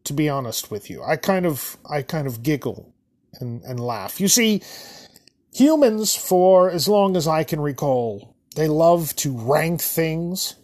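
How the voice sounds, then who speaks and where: Male podcast host, comic storyteller, expressive pitch, slow pace. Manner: animated, self-deprecating, drawn-out delivery. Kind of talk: comedic storytelling.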